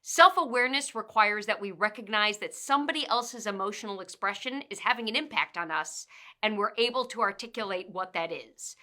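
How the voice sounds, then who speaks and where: Woman trainer, bright forceful voice, measured explanatory delivery. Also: medium pitch. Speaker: workplace communication trainer and author. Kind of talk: instructional narration.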